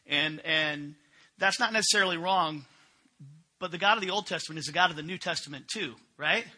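A middle-aged pastor preaching with a very bright, forceful voice pitched a little high. He talks in a loose, conversational way, tossing questions out to the congregation as he goes. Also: brisk. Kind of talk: sermon.

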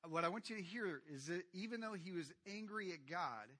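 A man preaching a sermon to his congregation, addressing them directly and swinging from quiet asides to loud, animated retellings. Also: high voice, brisk. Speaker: pastor.

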